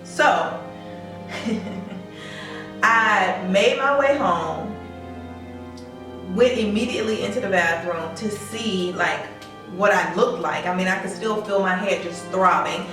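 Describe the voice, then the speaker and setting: A woman's voice: mid-range voice, takes it slowly, long pauses, recorded from a distance, over music. A woman telling a personal story in a casual storytime vlog, acting out what people said. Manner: animated, acts out quoted lines. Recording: echoey room, away from the mic.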